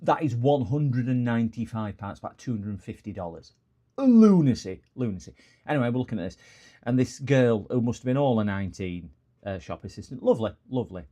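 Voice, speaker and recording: A man's voice: mid-range voice, fast, dark tone. A man with a northern English accent, chatting casually on a live repair stream and rambling off into long stories. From northern England. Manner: rambling, digressive storyteller.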